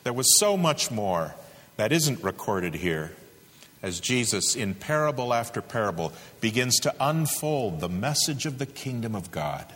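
Male preacher, unhurried, bright and expressive, echoing sanctuary. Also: medium pitch. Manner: slow, dramatic preaching with sudden loud rises and hushed drops. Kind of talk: sermon. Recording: reverberant hall.

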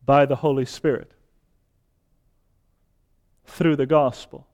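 Male preacher, slow measured delivery that swells into fervor, reverberant sanctuary sound. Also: medium pitch, steady tone, darkish tone. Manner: builds to fervent emphasis, slow deliberate phrasing. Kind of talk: sermon. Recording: long hall reverb.

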